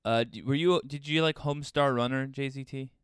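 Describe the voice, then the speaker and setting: A man co-hosting a casual podcast, playful and quick to laugh. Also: medium pitch, clear, resonant tone, dry recording, clean studio sound. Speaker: podcast co-host. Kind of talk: casual chat.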